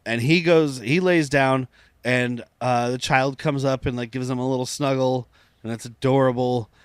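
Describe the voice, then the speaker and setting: A man's voice: mid-range voice, fairly even intonation, normal speed, clean tone, no room sound. A man co-hosting a podcast, recapping an episode in loose chat, laughing often and swearing casually. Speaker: podcast co-host.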